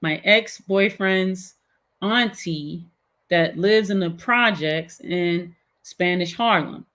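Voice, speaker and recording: A woman's voice: fairly low pitch, slow. A middle-aged woman, a guest, animatedly recounting a personal story in casual chat with many fillers. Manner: animated, filler-heavy retelling.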